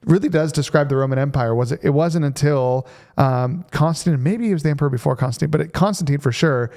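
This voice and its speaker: A man's voice: a little high, quick pace. A man co-hosting a church podcast, talking casually about the Bible in a playful, joking way. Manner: playful, jokey, animated. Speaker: pastor and podcast co-host. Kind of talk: casual Bible study chat.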